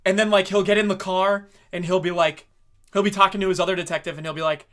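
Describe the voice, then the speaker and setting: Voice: medium pitch, fairly even intonation, fast talker, a bit bright. A podcast co-host in casual anime review chat, swearing freely and mockingly acting out scenes.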